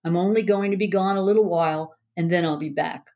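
A soft-spoken female therapist with a calm, reassuring way of talking, voiced by a woman reading a story. Her words come simply and gently, like comfort to a child. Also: fairly low pitch, quick pace, close to an everyday voice. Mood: gentle.

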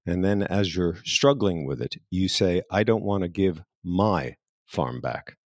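Male interviewer, very deep and steady; dry, close sound; recaps, then asks. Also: no room sound. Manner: measured, summarizing the guest's words. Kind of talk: interview questioning.

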